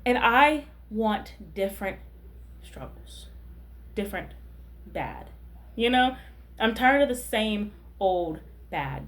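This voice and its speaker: Chatty thirty-year-old woman vlogging. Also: medium pitch. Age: 30s. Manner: chatty and rambling, keeps asking "you know what I mean". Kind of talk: casual chat to camera.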